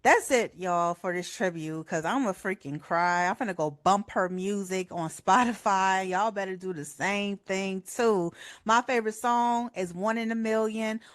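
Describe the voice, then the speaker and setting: A middle-aged woman hosts a radio show in a heartfelt, chatty way. Her voice sits at a medium pitch and cracks with emotion as she talks. The sound is close and dry, with no room echo. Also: measured pace. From Chicago. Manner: heartfelt, chatty, says "y'all" a lot. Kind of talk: personal tribute monologue.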